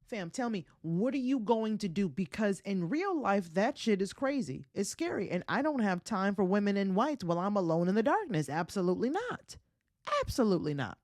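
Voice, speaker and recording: A woman's voice: mid-range voice, very animated, moderate pace, few pauses, a little mellow, no echo, clean studio sound. A woman hosting a comedy podcast, telling a folk tale in a chatty, profane way and laughing often at her own jokes. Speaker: podcast host.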